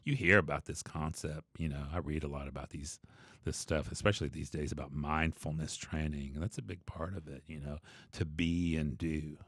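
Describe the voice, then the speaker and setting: Man, extremely deep voice, bass teacher, reflective conversational monologue, dry recording. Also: fairly even intonation, normal speed, a bit bright, dry recording. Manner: reflective, loose, full of asides and restarts.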